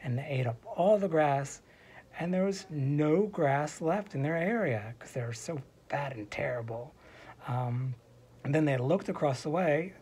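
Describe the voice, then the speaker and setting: A man's voice: a little high, a little mellow, breathy edge. A man casually telling a silly fairy tale from a hospital room, wandering into asides and sometimes dropping to a whisper. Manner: digressive asides, drops to a whisper at times. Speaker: storyteller. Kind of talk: casual rambling storytelling.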